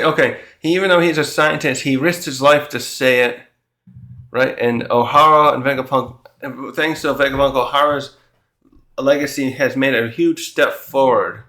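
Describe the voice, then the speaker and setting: A man hosts a casual chapter review and thinks aloud as he goes. He retells the characters' dialogue in his own words, at a middle pitch. His voice carries a roomy echo. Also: pushed and bright. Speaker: manga reviewer and channel host.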